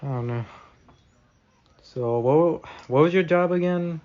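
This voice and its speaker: A man's voice: a little high, takes it slowly, dark tone, muffled recording, slight background noise. A man hosting a casual podcast, laid-back, asking short questions and trailing off. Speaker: podcast host. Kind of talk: casual interview.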